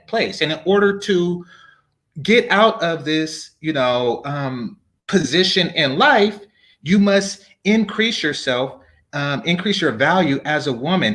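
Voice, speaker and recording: A man on a podcast as the guest, lecturing in a measured way with halting restarts. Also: fairly high pitch, a bit bright. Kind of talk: casual podcast debate.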